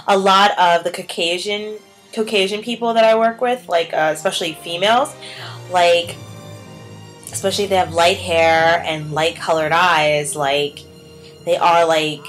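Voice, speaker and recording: Young woman rambling in a vlog, tons of likes and ums, soft music behind. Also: on the low side, poor audio. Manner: chatty, heavy on "like" and "um", acts out quotes. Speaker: vlogger. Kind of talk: casual vlog chat.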